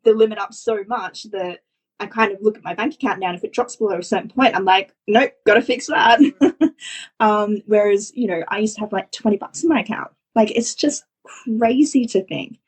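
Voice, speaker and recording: Woman podcast host, breathy voice, warmly affirming, chatty and full of fillers. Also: mid-range voice, a little fast. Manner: enthusiastic, affirming, many fillers like "you know". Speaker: podcast host, business coach. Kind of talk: casual podcast conversation.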